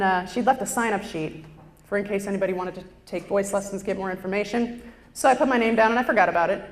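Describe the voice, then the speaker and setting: A woman doing stand-up storytelling on stage with a lapel mic, in a chatty, self-deprecating way. Her voice sits at a middle pitch for a woman. The sound carries a roomy echo from the stage hall around her. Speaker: stand-up performer. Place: stage before a live audience.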